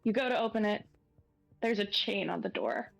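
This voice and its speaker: A woman narrating as game master of a tabletop horror game, unhurried and pausing with fillers as she describes each scene. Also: medium pitch, vocal fry, no echo, faint music behind, poor audio.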